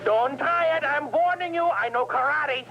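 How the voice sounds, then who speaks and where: A man's voice: extremely high pitch, normal speed, lo-fi sound, music in the background. An actor playing a wisecracking male ship computer with a German accent, cocky and teasing, in a 1970s TV comedy.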